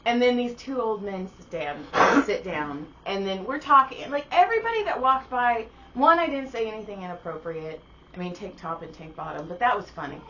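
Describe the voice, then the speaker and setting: A woman co-hosting a podcast tells a story in loose, casual chat. She is animated and freely profane, and she jumps into voices for whoever she quotes. The sound is a little dull and muffled, with faint noise underneath. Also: mid-range voice, moderate pace. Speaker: podcast co-host.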